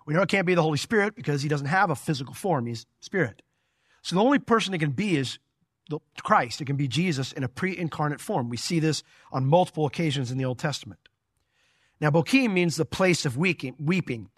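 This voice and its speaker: Animated man preaching, lively pitch. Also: brisk, slightly rough, no room sound, clean studio sound. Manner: animated, conversational, emphatic. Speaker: pastor. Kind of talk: expository Bible teaching sermon.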